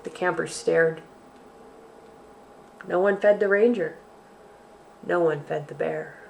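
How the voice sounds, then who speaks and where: Slow, sing-song storytime woman. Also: fairly low pitch, gravelly, a little hiss or hum. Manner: slow, sing-song and expressive, addressing young children. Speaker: library storytime host. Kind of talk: children's storytime, reading a picture book aloud.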